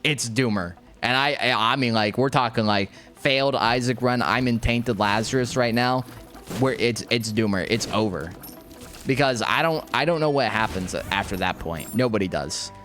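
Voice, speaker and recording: A man's voice: medium pitch, normal speed, a bit bright, faint music behind. A young man casually ranting while playing a video game, slangy and rambling, restarting his sentences often. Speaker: gaming YouTuber. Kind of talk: rambling commentary over gameplay.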